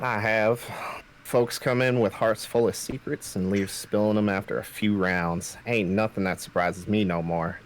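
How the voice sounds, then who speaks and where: Grizzled saloon barkeep, played by a man, low and drawling, faint noise behind. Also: natural voice, low-quality recording. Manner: drawling folksy Western talk. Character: world-weary saloon bartender, grizzled man. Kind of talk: improvised role-play.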